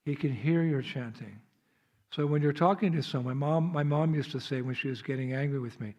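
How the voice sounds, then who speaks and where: With a medium-pitched, slightly mellow voice and a brisk pace, an American-accented visiting monk gives a devotional sermon in a temple hall. He tells chatty stories, laughs frequently, and acts out scenes, and the audio has its highs cut off.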